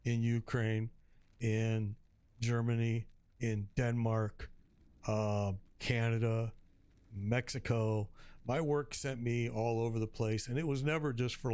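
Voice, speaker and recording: A man's voice: mid-range voice, a little mellow, clear, resonant tone, dry recording. A middle-aged man from Chicago, a streamer chatting casually and telling slangy stories with frequent laughs. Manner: storytelling, laughs often, slangy. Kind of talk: casual chat. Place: home streaming setup.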